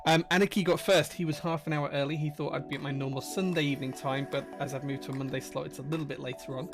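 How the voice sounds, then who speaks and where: A man's voice: on the high side, fairly even intonation, quick pace. A man hosting a casual livestream, greeting viewers by name in a friendly, rambling way with lots of fillers. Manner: friendly, rambling, reads chat names aloud with fillers. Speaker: livestream host, keyboard builder. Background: music playing.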